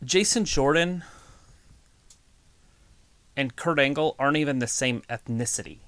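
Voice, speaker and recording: A man's voice: mid-range voice, unhurried, fairly bright tone, clear, resonant tone, dry recording. A man co-hosting a live wrestling stream, rambling in a laid-back, jokey way between bits of match commentary.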